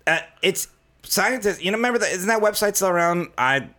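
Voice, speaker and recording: A man's voice: high voice, expressive, brisk, pushed and bright. A man co-hosting a casual comedy podcast, rambling with lots of fillers. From California. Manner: rambling, many fillers and acted quotes. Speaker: podcast co-host.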